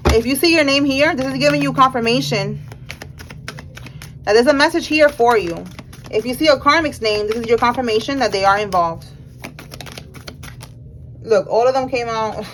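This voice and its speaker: A woman's voice: on the high side, normal speed, long pauses, a little hiss or hum, low-quality recording. A woman giving a general tarot reading in a casual, emphatic way, talking straight to the viewer with slangy speech. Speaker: tarot reader.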